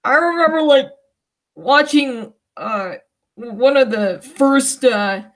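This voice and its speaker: Livestream host, woman from the United States, high and slow, hesitant and emotional, close to tears. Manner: hesitant, many fillers and restarts, emotional. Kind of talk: casual livestream chat.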